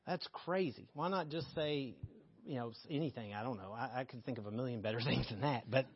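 A man's voice: mid-range voice, a little fast, slightly rough, no room sound, muffled recording. A man teaching a Bible passage in a casual, candid way, joking as he reads and explains scripture. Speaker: preacher.

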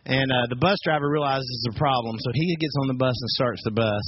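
A man, a youth group leader, telling a personal story in a lively way, full of fillers and acted-out quotes. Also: medium pitch, a little fast, highs cut off, noisy background.

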